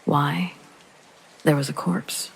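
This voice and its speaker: A man narrating a first-person horror story in a calm, low-key reading that often sinks to a soft whisper, with rain behind him. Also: takes it slowly, vocal fry, breathy edge, rough recording. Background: rain sounds.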